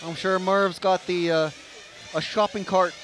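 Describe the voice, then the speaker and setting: A man's voice: high voice, fairly even intonation, unhurried, fairly bright tone, slight background noise, poor audio. A man giving casual, rambling live race commentary with lots of fillers. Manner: chatty, rambling, with frequent fillers. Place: outdoor racetrack, trackside.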